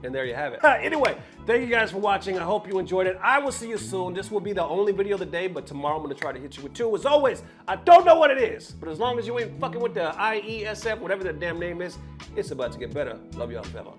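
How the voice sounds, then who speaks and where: High-voiced man ranting profanely. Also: rapid-fire, faint music behind. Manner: profane, animated ranting with jokes. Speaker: esports news host. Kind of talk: casual commentary vlog.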